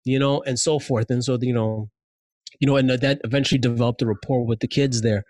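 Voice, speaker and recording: A man telling stories in casual chat, animated and slangy, with many fillers. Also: medium pitch, brisk, dry recording.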